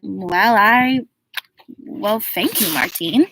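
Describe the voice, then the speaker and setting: A woman's voice: mid-range voice, drawn-out words, fairly bright tone, exaggerated voice, low-quality recording. Woman voicing a proper elderly grandmother. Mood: flustered. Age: older. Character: brisk, proper grandmother running a game reserve.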